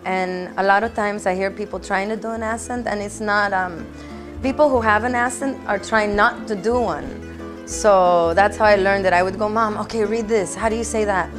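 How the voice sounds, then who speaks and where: A woman's voice: mid-range voice, steady tone, normal speed. A young adult woman, an actress, chatting in an interview in a bubbly, playful way with frequent laughs. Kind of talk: casual interview answers. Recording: music playing behind.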